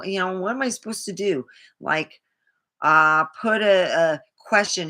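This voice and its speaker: A woman's voice: fairly low pitch, measured pace, sharp tone. A woman vlogger talking in a rambling, indignant way, swearing freely as she tells a personal story. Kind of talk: casual monologue to camera.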